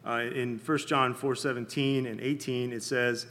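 A man leading a Bible study in a casual, conversational sermon, often checking in with his listeners and pausing with fillers. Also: mid-range voice, steady tone, a bit bright, big-room sound. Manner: halting, many fillers and restarts.

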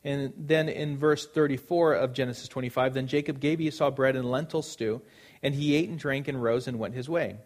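A man's voice: medium pitch, fairly even intonation, normal speed. A man preaching a sermon, earnest and emphatic, repeating phrases for stress.

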